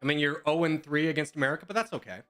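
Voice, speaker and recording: A young man with a slightly high voice chatting casually over a game, full of dry jokes and sarcasm. Faint music plays behind him. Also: rapid-fire, a bit bright. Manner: joking and sarcastic. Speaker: gamer in voice chat. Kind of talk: casual gaming chat.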